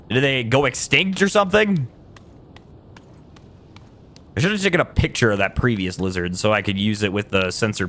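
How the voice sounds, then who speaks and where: Male gaming streamer, mid-pitched, loose rambling chat with frequent restarts. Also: fairly bright tone. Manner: rambling, self-correcting, trails off and laughs. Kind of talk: casual livestream chat while gaming.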